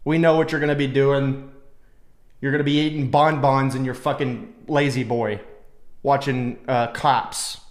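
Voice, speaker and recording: A man's voice: medium pitch, little pitch movement, unhurried. A man hosting a reaction video, joking crudely and sarcastically as he comments on clips. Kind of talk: casual commentary.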